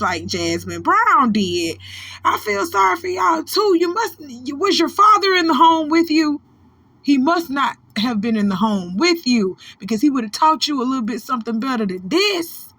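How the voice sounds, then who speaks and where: This is a woman in her thirties who hosts a gossip commentary channel, and her voice sits a touch high. She lectures celebrities by name in a blunt, preachy style and swears freely. The recording is dry and close, with no room sound. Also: a bit bright, no room sound. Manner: preachy, profane, scolding, addresses people directly.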